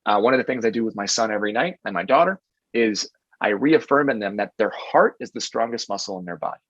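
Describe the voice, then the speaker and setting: A man's voice: lowish voice, expressive, quick pace, a bit bright, dry recording, lo-fi sound. A man in his thirties answering interview questions in an earnest, reflective way, often restarting his sentences. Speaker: guest.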